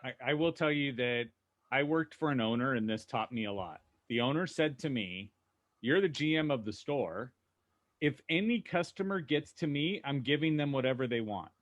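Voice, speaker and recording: A man co-hosting a podcast, telling lively anecdotes and acting out what people said. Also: medium pitch, moderate pace. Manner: animated anecdotes, acting out quotes. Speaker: co-host. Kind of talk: casual podcast storytelling.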